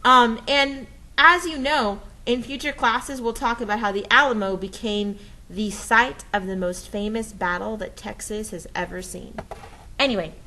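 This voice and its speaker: A recorded history lesson comes from a woman whose medium-pitched voice sounds pushed and bright over a rough recording. She goes step by step with playful enthusiasm, using dramatic sound effects and regularly checking in with "okay?".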